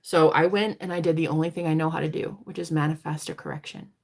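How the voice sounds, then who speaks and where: A woman's voice: deep voice, fairly even intonation, quick pace, darkish tone. A woman talking casually on a livestream as a tarot reader, blunt and emphatic, swearing freely and preaching self-empowerment. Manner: preachy, motivational.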